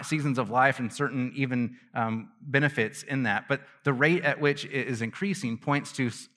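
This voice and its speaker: Preaching to his congregation, a pastor keeps things loose and conversational, laughing, poking fun at himself and often restarting phrases. His mid-range voice sounds pushed and bright. A large hall gives the recording a long reverb.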